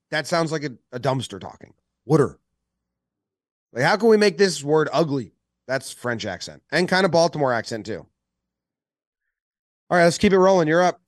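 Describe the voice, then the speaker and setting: A man's voice: on the high side, no echo, studio quality. A man co-hosting a casual sports podcast, joking around and putting on mock accents. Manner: jokey, mock accents for laughs. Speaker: podcast co-host.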